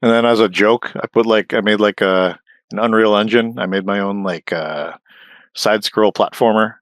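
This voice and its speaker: A man's voice: lowish voice, steady tone, moderate pace, dry recording, clean studio sound. A man, an indie filmmaker, telling a story in casual chat, loose and profane. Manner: loose, profane, acts out quotes.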